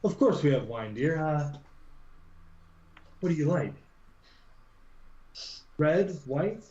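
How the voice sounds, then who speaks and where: A man's voice: a little high, big pitch swings, takes it slowly, warm tone, muffled recording. A man doing a wry tavern bartender. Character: gruff male tavern bartender, wry and businesslike.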